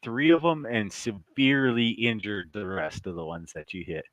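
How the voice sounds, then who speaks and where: A man's voice: lowish voice, moderate pace, no echo, muffled recording. A man running a tabletop game as dungeon master, joking and teasing his players.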